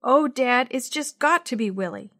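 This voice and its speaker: A woman's voice: a little high, expressive, unhurried, sharp tone. A woman voicing an earnest, urgent boy. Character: earnest boy, the father's son.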